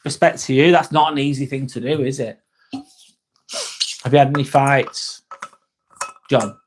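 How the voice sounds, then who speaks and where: A man's voice: medium pitch, fairly even intonation, a little slow, a little hiss or hum. A man hosting a casual livestream, chatting with viewers, joking and swearing as he answers their messages. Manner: chatty, jokey, swears, talks straight to viewers. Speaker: livestream host reading chat. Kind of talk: casual live-stream chat.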